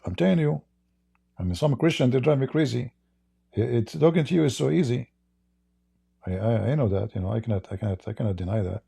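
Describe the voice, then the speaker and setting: Arab-accented male debater, gravelly and husky, sarcastic, repeats himself, stumbles into restarts. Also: medium pitch, brisk, long pauses, dark tone. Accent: Arabic. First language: Arabic. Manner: sarcastic, repetitive, stammering restarts. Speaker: online religious debater. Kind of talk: addressing viewers in a stream.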